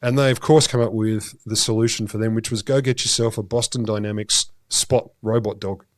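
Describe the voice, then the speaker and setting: An Australian man co-hosting a science podcast, telling stories in an animated, sardonic way with swearing. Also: lowish voice, a little fast, no room sound. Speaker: podcast co-host. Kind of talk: casual comedic science chat.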